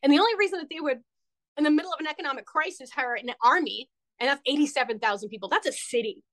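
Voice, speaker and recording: A woman's voice: high voice, rapid-fire, fairly bright tone. A woman guest on a talk show, a political candidate speaking bluntly and heatedly, swearing freely. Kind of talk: casual interview.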